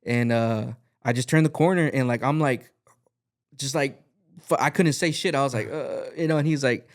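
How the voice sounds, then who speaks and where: A man's voice: mid-range voice, brisk. A man, a podcast guest and music artist, telling a rambling story in a casual chat, full of fillers and swearing, acting out the lines he quotes.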